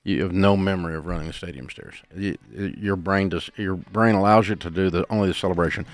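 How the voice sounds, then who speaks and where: A man's voice: low-pitched, fairly quick. An older man hosting a call-in advice show, speaking in a blunt, folksy, plain-spoken way. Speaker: radio show host. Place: radio studio.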